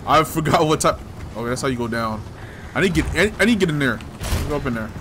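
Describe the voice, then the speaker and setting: A man's voice: on the high side, expressive, fast talker, background noise. A man giving loose, casual commentary while playing a game, talking to himself and teasing the hero, with frequent swearing. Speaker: gameplay streamer.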